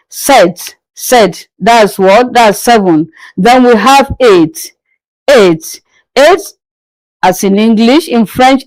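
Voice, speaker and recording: A woman teaches French numbers at a very slow, deliberate pace and says each word again and again. The sound is dry and close, with almost no room around her voice. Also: on the high side, no room sound, rough recording. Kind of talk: slow language lesson with drills.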